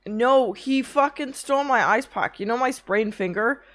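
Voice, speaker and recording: A woman's voice: fairly high pitch, normal speed, a bit bright. A young woman streaming, chatting casually with her chat, tired from little sleep, rambling through anecdotes and swearing often.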